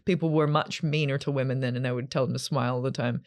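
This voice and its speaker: A woman's voice: a bass voice, fairly even intonation, fast talker. A woman, telling a story in a rambling, sarcastic, casual way while walking into a restaurant. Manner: rambling, sarcastic, self-deprecating. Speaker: vlogger. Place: walking into a fast food restaurant.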